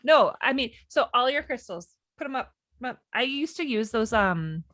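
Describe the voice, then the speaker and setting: A woman's voice: fairly high pitch, lively intonation, moderate pace, a bit bright, dry recording, clean studio sound. A woman co-hosting a casual podcast from her bedroom, chatty and laughing often, trailing off and restarting her sentences. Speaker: podcast co-host. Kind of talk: casual chat.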